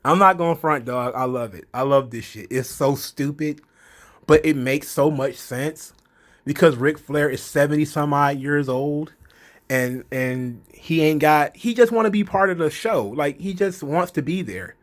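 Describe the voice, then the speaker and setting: A man with a drawl recaps the news in a loose, casual commentary voice. His tone sits slightly high for a man, and he keeps breaking into laughter and tossing in profanity. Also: measured pace. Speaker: commentary vlog host.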